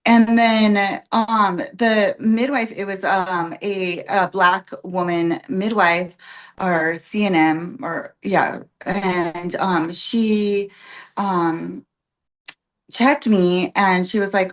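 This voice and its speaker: A woman's voice: medium pitch, slow. A young adult woman, a podcast guest, telling her story in a casual, chatty way, full of "like" and "um" and acting out what others said. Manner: chatty, many "like" and "um" fillers, acts out quotes.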